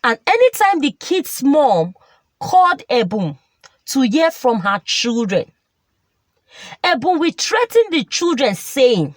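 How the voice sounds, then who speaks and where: A woman narrating a folktale in a slow, expressive storytelling manner. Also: sits high, dry recording.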